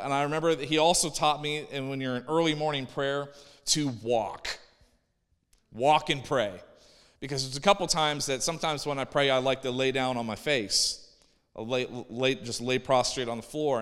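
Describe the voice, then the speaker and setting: A male pastor preaching a sermon in a relaxed, conversational way, often restarting his phrases. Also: mid-range voice, clear, resonant tone, big-room sound.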